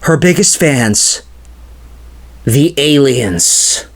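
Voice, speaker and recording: A man's voice: mid-range voice, expressive, very slow. A man telling an improvised comedy story, rambling and stammering, with constant filler words.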